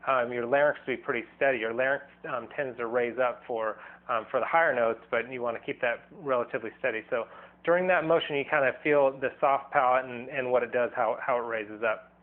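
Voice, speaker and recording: A man's voice: medium pitch, fairly quick. A man giving a casual singing lesson, loose and rambling, often restarting sentences and demonstrating sounds as he explains. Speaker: singing teacher. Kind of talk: casual vocal lesson video. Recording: thin, phone-like band.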